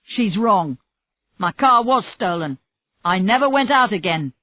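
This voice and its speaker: A woman reading the part of a defensive male murder suspect in a story, in a plain, slow voice. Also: mid-range voice, animated, voice pushed up. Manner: stubborn denials, rising to angry shouts. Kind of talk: reading a graded story aloud. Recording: tinny phone-like audio, dry.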